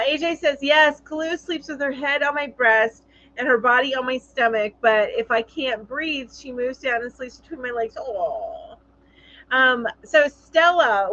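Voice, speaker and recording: Chatty woman host, higher voice. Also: a bit bright, lo-fi sound. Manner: chatty, reads viewer comments aloud with frequent fillers. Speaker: live-stream host. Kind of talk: casual live-stream chat.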